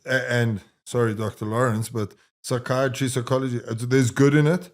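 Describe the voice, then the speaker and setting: A man's voice: mid-range voice, steady tone, normal speed. A man hosting a podcast, chatting casually and mostly offering brief affirmations. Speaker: podcast host. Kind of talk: casual conversation.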